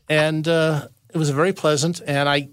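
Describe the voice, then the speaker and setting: A man's voice: on the high side, little pitch movement, a little slow, a bit bright, clean tone. A man from Southern California, a showbiz historian guesting on a podcast, telling long anecdotes in a casual chat with many restarts. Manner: rambling storyteller with frequent restarts.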